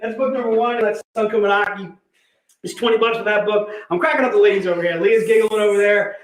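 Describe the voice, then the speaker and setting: Fifty-something guy hyping up a live sale, high voice, echoey room, jokey and upbeat. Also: fast. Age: 50s. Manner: energetic, jokey salesman patter. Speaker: host. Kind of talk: live sales stream.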